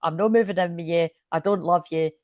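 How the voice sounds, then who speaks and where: A woman's voice: on the low side, a little fast, no room sound, muffled recording, close to an everyday voice. A woman doing a blunt man brushing off a fling. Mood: dismissive. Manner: blunt, dismissive.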